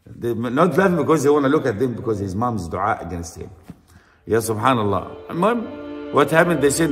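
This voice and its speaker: A man's voice: medium pitch, sing-song, normal speed, a bit bright, in a large hall, soft background music. A man with an Arabic accent preaching a storytelling sermon, acting out the characters in his tale and reciting Arabic verses.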